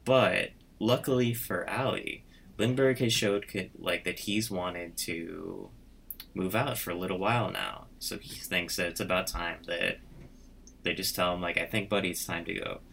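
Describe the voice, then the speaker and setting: Low-voiced man rambling through a story. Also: fairly even intonation, normal speed, gravelly, a bit bright, a little hiss or hum. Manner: rambling, full of "like" and quoted voices. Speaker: storyteller pitching a story idea. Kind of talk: casual chat, retelling a story.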